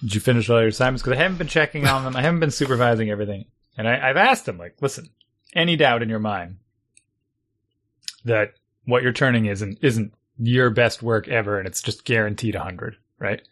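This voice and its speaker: Exasperated middle-aged dad chatting. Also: male voice, medium pitch, fairly quick. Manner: exasperated, animated storytelling. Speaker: parent. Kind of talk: casual chat.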